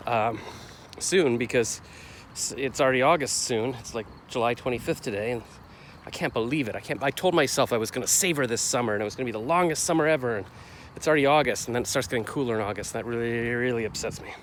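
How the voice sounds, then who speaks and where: Talking fast in a mid-range voice, a middle-aged man vlogs casually and confessionally. He rambles, second-guesses himself and grows heated while recounting a clash, and street noise can be heard in the background.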